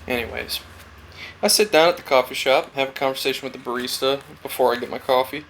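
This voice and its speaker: Carving wood as he talks, a man with a mid-range, fairly bright voice speaks fast in a casual, reflective way. This woodcarver vlogger rambles through a story and acts out little conversations, with slight background noise behind him.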